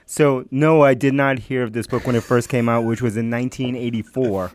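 A man co-hosting a podcast in casual chat, relaxed and teasing, using slang. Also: mid-range voice, fairly quick, no echo. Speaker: podcast co-host.

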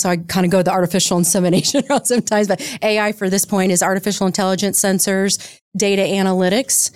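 A woman, a startup founder, answering questions in an interview in a lively, explanatory, conversational way. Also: medium pitch, no echo, clean studio sound. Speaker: guest, startup co-founder and CEO.

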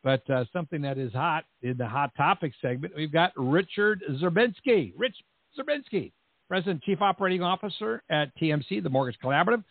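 A man's voice: a little high, lively intonation, fairly quick, no echo. A middle-aged man hosting a podcast in a chatty, rambling way with asides. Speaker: podcast host. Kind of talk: casual show opening. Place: Central Texas. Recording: tinny phone-line audio.

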